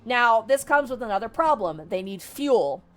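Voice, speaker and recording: A young woman streamer casually retelling a novel to her chat, talking quickly and excitedly, swearing freely and laughing mid-sentence. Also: a little high. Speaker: VTuber streamer.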